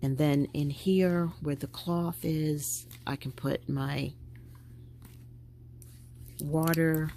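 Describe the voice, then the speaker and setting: Low gravelly woman chatting to viewers. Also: drawn-out words, pauses often, slight background noise. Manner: chatty, animated, talking to viewers while packing a bag. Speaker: vlogger. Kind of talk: casual chat.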